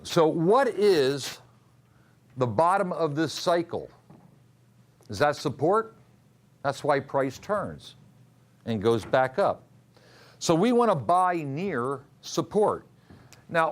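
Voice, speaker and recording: Lively man drilling a class. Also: a little high. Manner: questions the class and drills answers. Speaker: trading instructor. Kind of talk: classroom lecture.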